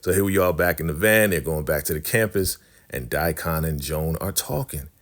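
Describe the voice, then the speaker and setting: A man casually recapping a TV drama episode, animated and storytelling, acting out the characters' lines. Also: rumbling low, moderate pace.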